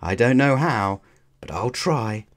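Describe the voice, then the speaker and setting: A man voicing an eager young boy trainer in a storybook read-aloud, in a lifted, excited voice. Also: medium pitch, slow.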